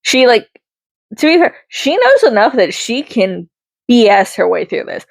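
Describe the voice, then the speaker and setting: A woman's voice: on the high side, sing-song, unhurried, vocal fry, no echo. A woman giving a casual spoken movie review, rambling, correcting herself mid-sentence and adding chatty asides. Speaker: film reviewer.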